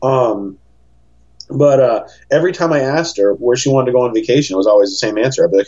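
A man, a podcast guest, telling stories in a rambling, animated chat and acting out the voices of people he quotes. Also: medium pitch, fast talker, lo-fi sound. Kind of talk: casual storytelling chat.

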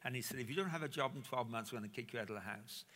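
A man telling a personal story in a sermon, animated and acting out the quoted dialogue. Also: mid-range voice, rapid-fire. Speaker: preacher. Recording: reverberant hall.

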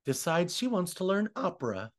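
A young man with a fairly high voice chats as a podcast host, spilling gossip with big swings of pitch. His delivery is animated and theatrical, and he jumps into little acted-out quotes. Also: normal speed. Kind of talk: casual chat.

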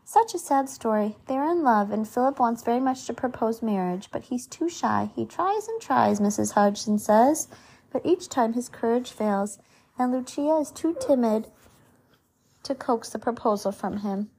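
A woman's voice: on the high side, expressive, moderate pace, darkish tone, husky. Missus Lambchop, woman reading a proper fussing mother. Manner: polite, fussing. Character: warm proper mother, gentle and concerned. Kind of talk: storybook read-aloud.

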